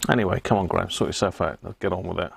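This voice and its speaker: A man's voice: deep voice, steady tone, racing, vocal fry, husky. A man hosting a casual live repair stream, chatting and muttering to himself while he works at his bench. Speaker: electronics repair hobbyist host.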